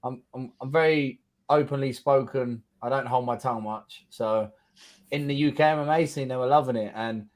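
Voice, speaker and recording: A man's voice: medium pitch, steady tone, normal speed. Blunt london guy in his thirties telling a story, swearing and doing the voices of people he talked to. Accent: London English. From England. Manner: blunt, swears freely, acts out quotes. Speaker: guest fighter. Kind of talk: casual storytelling interview.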